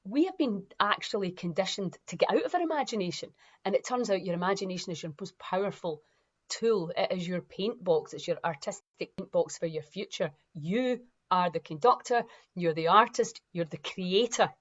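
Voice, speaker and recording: A woman's voice: on the low side, expressive, normal speed, highs cut off. A woman, founder of a wellness movement, talking emphatically and animatedly, sometimes acting out other people's voices. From Scotland. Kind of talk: impassioned motivational talk.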